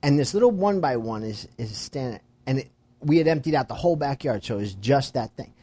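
A man in casual conversation, telling a lively anecdote and acting out the voices of the people in it. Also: mid-range voice, brisk, breathy edge. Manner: animated storyteller who acts out quoted voices. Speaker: friend telling a story. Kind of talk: casual chat.

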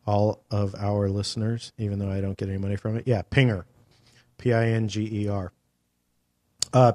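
A fairly low, darkish voice belongs to this middle-aged man hosting a podcast. He rambles through a lengthy anecdote in easygoing conversation, dropping plenty of fillers and casual profanity.

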